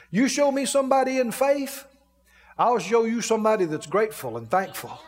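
A man's voice: extremely high pitch, in a large hall. A man preaching a sermon in a folksy way, laughing as he acts out grumbling complaints.

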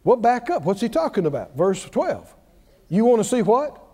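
A man's voice: high-pitched, very animated, normal speed, dark tone, in a large hall. A man preaching a sermon, drawing call-and-response from the congregation with emphatic, repeated lines.

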